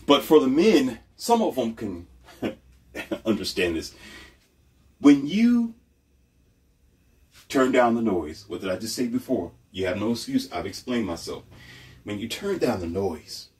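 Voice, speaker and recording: A man's voice: medium pitch, big pitch swings, a little slow, pauses often, darkish tone, far from the mic. A man delivering a blunt, preachy motivational monologue, emphatic and repetitive.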